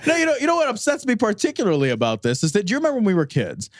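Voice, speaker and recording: A man's voice: sits high, huge pitch swings, very fast, dry recording, clean studio sound. A man co-hosting a podcast in casual banter, full of crude jokes and frequent laughter. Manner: crude joking, laughs often. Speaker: podcast co-host.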